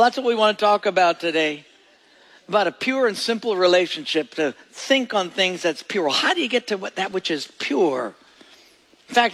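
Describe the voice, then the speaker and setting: A man's voice: high-pitched, a bit bright. A male pastor preaching a sermon in a folksy, joking storytelling manner. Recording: echoey church hall.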